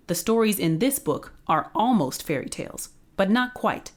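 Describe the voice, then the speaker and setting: A woman reads a children's storybook aloud with a playful, expressive touch. Her voice sits on the lower side for a woman, yet it rises and falls in lively, animated swings. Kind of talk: reading a children's book aloud.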